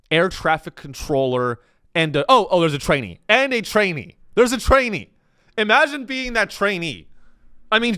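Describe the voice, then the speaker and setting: Man, comedy podcast host, animated pitch, slightly high voice, dry close sound. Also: dry recording. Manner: sarcastic, rambling, acts out quoted people. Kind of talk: comedic news commentary.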